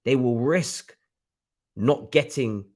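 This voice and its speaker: A man's voice: mid-range voice, takes it slowly, a little mellow. A man ranting angrily on a live stream about his football club, swearing and repeating himself. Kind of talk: heated live-stream rant.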